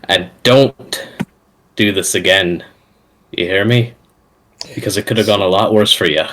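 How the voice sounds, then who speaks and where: A man's voice: deep voice, a little slow, a bit bright. A man voicing a big, stern male warrior who firmly scolds a young thief. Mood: scolding. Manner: firm, scolding.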